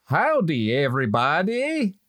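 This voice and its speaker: A man's voice: fairly high pitch, huge pitch swings, unhurried, exaggerated voice. An actor playing a brash man who speaks broken English, dropping articles, and insists on a swaggering Texan persona. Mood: insistent. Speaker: comedy sketch character. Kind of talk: comedic sketch acting.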